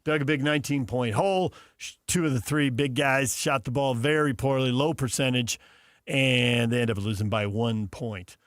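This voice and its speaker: Teasing sports radio co-host, dry studio mic. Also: male voice, mid-range voice, no echo. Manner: teasing, quick, laughs often. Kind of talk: casual sports talk radio banter.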